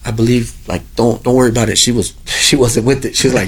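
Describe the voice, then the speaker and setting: A middle-aged man tells a personal story in a casual, earnest manner, circling back and repeating phrases as he goes. His voice has a gravelly, creaky edge. It sits at an ordinary pitch for a man. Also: steady tone, a little fast. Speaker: guest telling a personal story.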